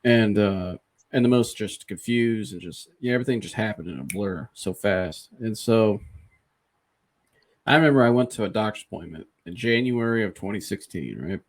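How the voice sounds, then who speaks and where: A man hosting a podcast, casually and candidly retelling a personal experience in an animated, conversational way. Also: on the low side, moderate pace. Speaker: podcast host.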